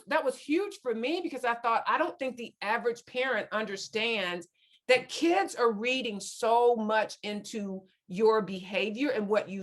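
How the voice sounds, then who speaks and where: A woman's voice: on the high side, fairly bright tone. A woman speaking earnestly to a parents' group, retelling conversations with students and quoting them at length. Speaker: guest speaker on parenting teens. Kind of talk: storytelling talk to a parents' group.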